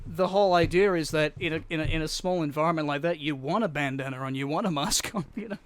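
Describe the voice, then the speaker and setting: A man's voice: on the high side, fast talker. A man co-hosting a casual podcast, rambling through stories with plenty of swearing. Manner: rambling storyteller, swears a lot. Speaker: podcast co-host.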